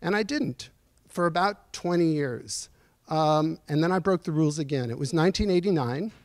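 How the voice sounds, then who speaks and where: A man in his sixties giving a personal storytelling lecture in a university auditorium, earnest and reflective, pausing as he speaks. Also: on the high side, lively intonation, darkish tone, no echo. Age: 60s. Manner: earnest, reflective, halting with pauses. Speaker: guest speaker at a lecture series.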